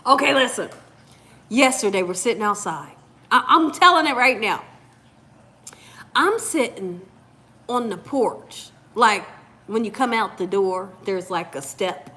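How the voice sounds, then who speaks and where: A woman hosting a channel, telling a story in an animated, casual way and talking straight to viewers. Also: mid-range voice, a little slow, pauses often. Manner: animated, addresses viewers as "y'all". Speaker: cooking channel host.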